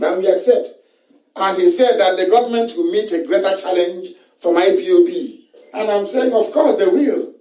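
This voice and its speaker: A man's voice: a little high, mellow. A man with a Nigerian accent giving a live broadcast monologue, repeating his phrases emphatically and chuckling between lines. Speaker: political broadcaster. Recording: roomy sound, mic from a distance.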